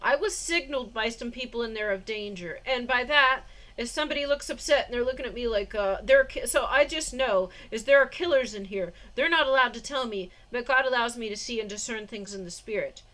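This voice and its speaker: A woman's voice: a little high, a little fast, hardly any pauses, sharp tone. A woman vlogger telling a personal story in a rambling way, with restarts, fillers and short suspicious laughs.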